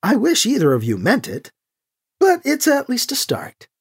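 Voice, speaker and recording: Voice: medium pitch, wildly swooping pitch, normal speed, husky, voice pushed up, exaggerated voice. A narrator voicing a stern but loving aunt in a spoken story.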